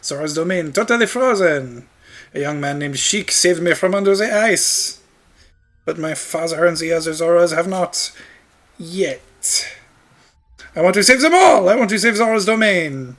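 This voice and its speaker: A man's voice: high-pitched, lively intonation, unhurried, fairly bright tone, voice pushed up. A man voicing a pushy young fish-princess who claims the hero as her fiancé, in an overblown mock French accent. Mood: pleading. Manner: dramatic, pleading, overblown.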